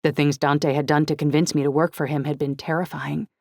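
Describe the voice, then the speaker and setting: Narrator reading a novel in first person, reflective, gravelly, super dry close mic. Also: mid-range voice, a little fast, dry recording. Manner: reflective, even storytelling. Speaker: audiobook narrator.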